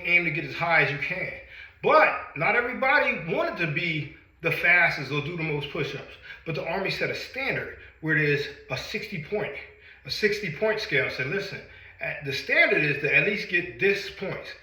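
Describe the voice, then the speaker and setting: Energetic, winded male fitness coach. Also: fairly high pitch, roomy sound, low-quality recording. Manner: energetic, repeats phrases, talks straight to viewers. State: out of breath after a workout. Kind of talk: motivational talk to camera.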